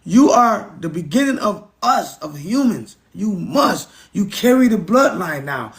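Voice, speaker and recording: A man's voice: high voice, sing-song, unhurried, few pauses. A middle-aged man from the United States, ranting in a casual monologue, emphatic, preachy and repetitive, with frequent profanity. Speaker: vlogger.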